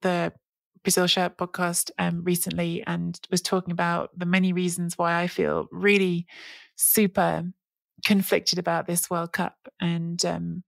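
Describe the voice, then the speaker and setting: Woman, podcast co-host, gravelly low voice, dry close sound, rambling casual chat. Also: level tone, unhurried, dry recording. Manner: rambling, with frequent restarts and fillers.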